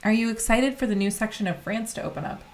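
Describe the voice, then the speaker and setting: A woman's voice: fairly high pitch, fast, crowd noise. Upbeat chatty woman on a livestream, easygoing casual talk. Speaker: co-host. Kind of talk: casual chat on a live stream.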